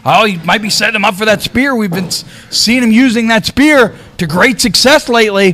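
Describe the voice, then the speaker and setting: Excitable high-voiced male wrestling commentator. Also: brisk, slight background noise. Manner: excitable, calls the action. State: out of breath. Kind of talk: live play-by-play commentary.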